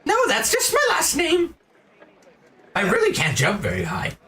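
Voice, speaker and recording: Excitable insect shopkeeper, very high and squeaky,, tabletop fantasy game, noisy background. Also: male voice, unhurried, heavily acted. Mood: chipper. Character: cheerful male grasshopper shopkeeper in top hat. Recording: distant mic, noisy room.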